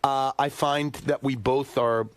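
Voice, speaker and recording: A man on a radio show telling a personal story in an earnest, halting way, with many pauses and restarts. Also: mid-range voice, fairly even intonation. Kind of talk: casual studio talk. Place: radio studio.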